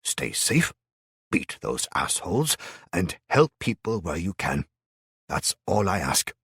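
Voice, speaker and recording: A man voicing a kindly older sword trainer who talks in a warm, fatherly way, calling the hero lad and son, in an audiobook. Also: sits low, very animated, slow pace, breathy edge, no echo, studio quality, heavily acted. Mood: kindly, concerned. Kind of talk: audiobook character voice.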